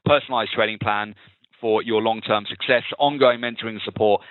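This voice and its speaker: A man hosting a live trading webinar, calmly talking viewers through market charts. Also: on the low side, fairly quick, dry recording. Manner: steady, explanatory, talks through charts. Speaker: webinar host and trading analyst. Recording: tinny phone-like webinar audio.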